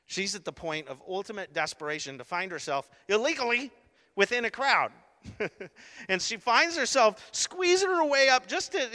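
A male pastor with a high, bright, forceful voice delivers an animated sermon. He acts out the scene, jumping from sudden shouts to hushed asides. His voice rings with the long reverb of a large hall. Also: normal speed.

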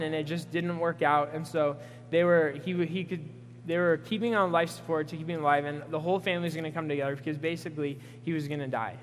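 A young man gives an earnest sermon and tells a personal story, with fillers scattered through his talk. His voice sits a little high. The sound rings with a long hall reverb over a faint hum. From Pacific Northwest US. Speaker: preacher.

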